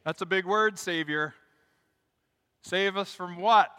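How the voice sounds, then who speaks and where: A male pastor preaching a sermon, building to loud, emphatic calls and leading his congregation in call and response. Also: sits high, slow, pauses often, clean tone, big-room sound. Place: church sanctuary.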